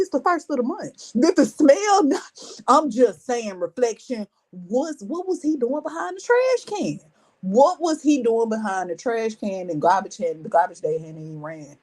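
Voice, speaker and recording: A woman's voice: high voice, a little mellow. A woman in giving dramatic, exclaiming storytime commentary with a repeated catchphrase.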